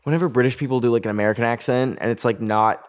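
Rambling young Canadian podcast host. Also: male voice, medium pitch, rapid-fire. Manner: rambling, chatty, self-mocking, easily sidetracked. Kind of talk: casual solo podcast chat.

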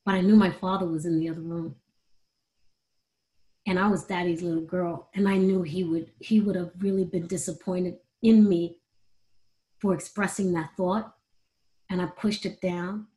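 A woman's voice: fairly low pitch, steady tone, moderate pace, long pauses, warm tone, poor audio. A middle-aged woman, a performer, telling emotional personal stories in a candid, conversational interview. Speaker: guest, performer.

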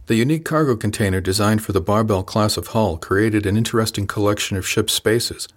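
A man reading a first-person novel aloud in a measured, calm manner. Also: lowish voice. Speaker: audiobook narrator. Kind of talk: scripted first-person narration.

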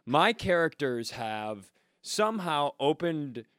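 A man's voice: on the high side, very animated, slow, fairly bright tone, no echo, studio quality. A man co-hosting a comedy podcast, telling stories in a rambling, self-mocking way. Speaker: podcast co-host. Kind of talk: casual comedic chat.

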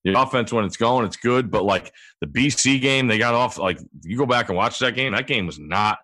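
A man's voice: mid-range voice, animated, a little fast, bright, forceful tone. A man speaking as a guest analyst in casual sports chat, rambling and correcting himself. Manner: rambling, self-correcting talk.

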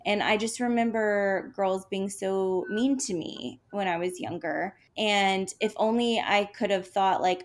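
A young woman co-hosting a chat show tells an animated story, packed with "like" fillers and acted-out quotes. Her mid-range voice moves at a measured pace with few pauses.

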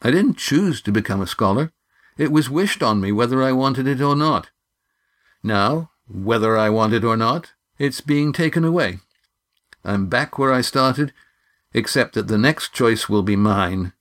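A man's voice: mid-range voice, expressive, a little slow, a bit bright. A man voicing a careful, thoughtful young scholar in a storybook reading.

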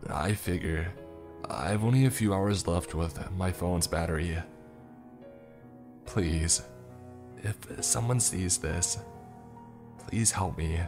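A man reading a first-person horror story in a slow, grave storytelling manner. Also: deep voice, over music. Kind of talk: scripted horror narration.

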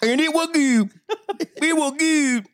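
A woman's voice: high voice, takes it slowly, pitched above the performer's own voice. A woman putting on a mock preacher voice, reciting scripture in solemn, sing-song gibberish.

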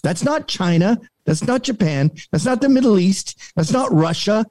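A man's voice: high-pitched, expressive, normal speed, a little mellow, no room sound. A man in casual chat, animatedly telling a story and acting out both sides of an argument.

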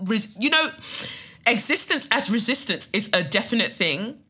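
A woman's voice: fairly high pitch, sing-song, normal speed, sharp tone, husky. Fiery woman podcast host. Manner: fiery, emphatic, profane, repeats for emphasis. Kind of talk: impassioned monologue.

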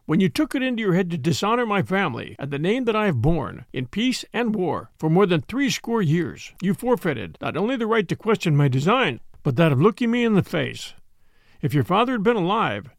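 A man reading the part of a stern, sardonic old nobleman in an audiobook, deliberate and cold. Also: sits high, vocal fry, no echo, studio quality, full character voice. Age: older.

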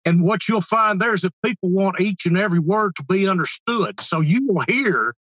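A Texan man speaking as a podcast guest, explaining things in an animated way with lots of examples. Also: sits high, moderate pace, no room sound, muffled recording. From Texas. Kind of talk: casual chat.

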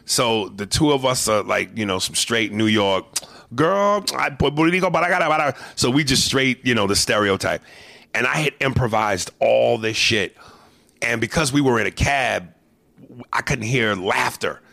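A man hosting a comedy podcast, telling profane, animated stories in casual chat. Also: fairly low pitch, normal speed, creaky, dry recording.

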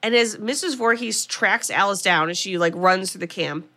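A woman's voice: medium pitch, moderate pace, pushed and bright. A woman podcast host casually recapping a horror film plot as a chatty storyteller. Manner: chatty storyteller, quotes characters.

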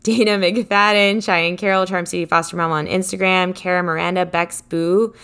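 Casting note: woman podcast co-host, bright tense tone, bubbly chatter, fond of "like". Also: fairly low pitch, steady tone, smooth. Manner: bubbly, quick to laugh, lots of "like". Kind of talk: casual chat.

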